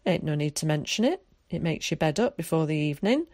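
Woman voicing a gruff old countryman. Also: low voice, sing-song, no room sound, studio quality. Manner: slow, plain, gently gruff. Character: gruff, kindly old countryman, slow-spoken.

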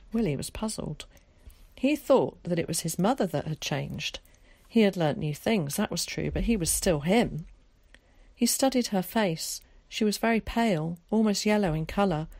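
A woman narrating an audiobook in a calm, measured way. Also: medium pitch, no echo.

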